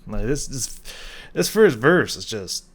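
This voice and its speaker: Speaking slowly in a sing-song, mid-range voice with a slight roughness, a music reaction channel host casually reacts to a song. He breaks it down in an enthusiastic ramble, humming melody fragments and dropping casual swears.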